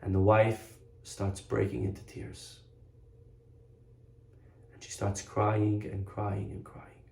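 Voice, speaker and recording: A man's voice: fairly low pitch, little pitch movement, takes it slowly, gravelly, a little mellow, a little hiss or hum. A man, a rabbi, giving a storytelling sermon in an earnest way, stressing points by repeating himself. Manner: earnest storytelling with emphatic repetition. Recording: roomy echo.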